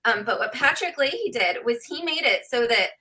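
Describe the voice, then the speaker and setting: A woman's voice: on the high side, lively intonation, fairly quick, sharp tone. A woman guest explaining a legal process in a casual chat, full of "um" and "like" as she works through the steps. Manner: explains step by step, with many filler "um" and "like".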